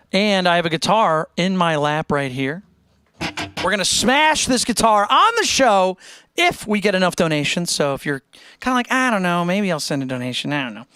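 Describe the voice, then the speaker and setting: A man's voice: high voice, bright, forceful tone, no echo, studio quality. A man hosting a live music stream, chatting casually and jokingly while he reads out viewer donations. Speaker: livestream music show host. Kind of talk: casual livestream chat between songs.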